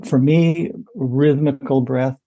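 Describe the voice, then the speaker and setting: A man talks as a podcast interview guest, his voice gravelly and mellow with a husky edge. He explains things in a relaxed, unhurried way and often drops in casual "you know" asides. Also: mid-range voice, highs cut off. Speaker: podcast guest, running coach.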